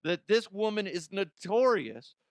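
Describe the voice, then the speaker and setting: A man's voice: measured pace, dry recording. Joking man with a dry, close sound. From Colorado, USA. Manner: animated, joking, swings into silly high voices. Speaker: podcast host. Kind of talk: comedic news commentary.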